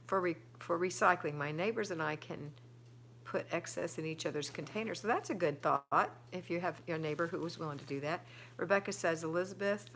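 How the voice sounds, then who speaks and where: A woman's voice: low-pitched, vocal fry, a bit bright, slight background noise. A middle-aged woman, hosting a casual live stream at home and chatting as she reads viewer comments aloud and answers them. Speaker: livestream host reading viewer comments.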